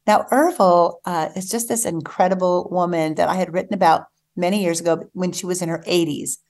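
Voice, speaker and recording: A woman's voice: on the low side, fairly even intonation, a little fast. A woman novelist being interviewed on a radio show, talking eagerly and laughing often. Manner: warm, enthusiastic, laughs often. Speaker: guest novelist. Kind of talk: casual radio interview chat.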